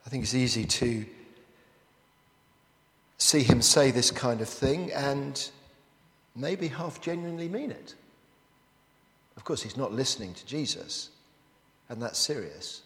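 A man's voice: medium pitch, lively intonation, measured pace, long pauses, a bit bright. A man preaching a sermon as he works through a Bible passage, often turning statements into rhetorical questions to the listeners. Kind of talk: expository sermon. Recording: echoey hall with long reverb.

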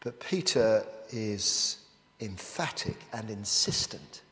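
A man's voice: lowish voice, lively intonation, slow pace, bright, forceful tone. A man preaching a sermon as he works through a Bible passage, often turning statements into rhetorical questions to the listeners. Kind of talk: expository sermon. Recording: echoey hall with long reverb.

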